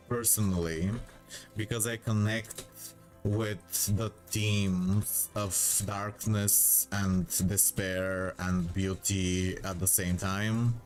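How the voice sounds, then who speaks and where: Male streamer, low voice, slow emotional musing over faint background music. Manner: drawn-out, wistful, reads advice aloud. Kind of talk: emotional livestream chat.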